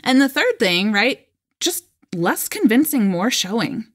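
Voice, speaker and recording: A woman in her thirties hosting a solo coaching podcast, talking casually and animated, acting out quoted voices with frequent laughs. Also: on the high side, a little slow. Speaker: life coach and podcast host.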